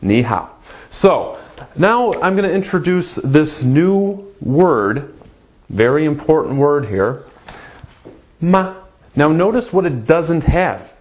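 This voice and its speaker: A man teaching a casual spoken language lesson, patiently repeating phrases slowly for learners to copy. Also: fairly high pitch, animated, a little mellow.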